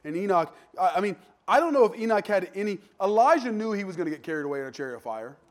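A man preaching a sermon in a conversational way, animated, with sudden jumps in pitch and loudness and joking asides. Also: very fast.

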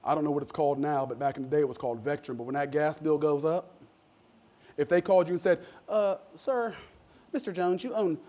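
A man pastor preaching a sermon, calling for amens and swinging between loud emphatic lines and low asides. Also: fairly even intonation, quick pace. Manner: call-and-response preaching, asks for amens.

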